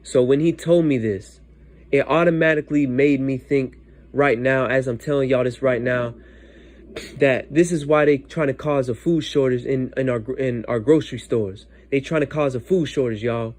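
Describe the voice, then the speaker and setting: A man's voice: medium pitch, moderate pace, a little mellow. A man telling a dream story to his viewers in a casual, emphatic way, repeating himself and often turning to address them directly.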